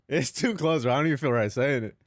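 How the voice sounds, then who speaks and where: A man's voice: mid-range voice, fairly quick, no room sound, clean studio sound. A young man streaming live, rambling casually to his chat and himself, swearing freely.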